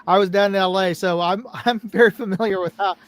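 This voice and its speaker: A man's voice: high-pitched, steady tone, fairly quick. A man from California chatting as a guest on a livestream, laughing easily. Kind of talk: casual livestream chat.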